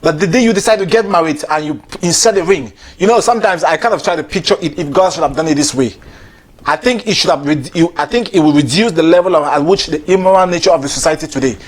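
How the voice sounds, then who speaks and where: A man's voice: fairly high pitch, fast talker. A man delivering a chatty, preachy comic monologue, repeating himself and laughing between lines. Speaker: comedian.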